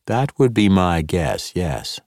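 A man reading an audiobook and voicing a sly, playful male dark elf mercenary leader who talks smoothly and teasingly. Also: low voice, sing-song, slow pace, no room sound, studio quality, full character voice.

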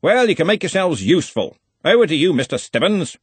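A booming, jovial old wizard chief, put on by a male audiobook narrator. He barks orders cheerfully, his voice leaping up and down, with a husky edge, close and dry. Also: sing-song, brisk, dry recording, full character voice. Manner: loud, jovial, commanding.

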